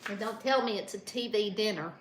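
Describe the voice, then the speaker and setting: A woman's voice: medium pitch, brisk, a little hiss or hum. An older woman chats in a motherly way with her viewers while she cooks at home on a livestream. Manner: chatty, motherly, talks to viewers by name while cooking. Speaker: livestream host. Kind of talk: casual cooking livestream chat. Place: home kitchen.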